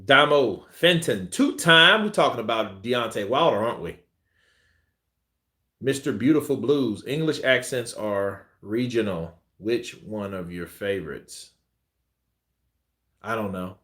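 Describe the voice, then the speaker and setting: A man's voice: fairly low pitch, expressive, measured pace, bright, forceful tone. Give me a laid-back man hosting a live stream, riffing on chat comments in an echoey room. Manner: loose, joking, laughs often, drifts off topic. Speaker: boxing channel host. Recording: roomy echo.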